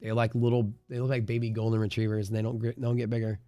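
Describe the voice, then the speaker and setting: Rambling low-voiced man on a live stream. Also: level tone, racing, warm tone, no echo, faint music behind. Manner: rambling, filler-heavy, swears casually. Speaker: day-trading live streamer. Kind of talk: casual live-stream chat.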